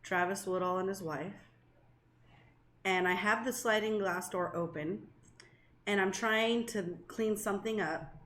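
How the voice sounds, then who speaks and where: A woman podcast co-host in casual storytelling chat, animated and swearing freely as she talks. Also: medium pitch, a little slow, long pauses. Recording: echoey room.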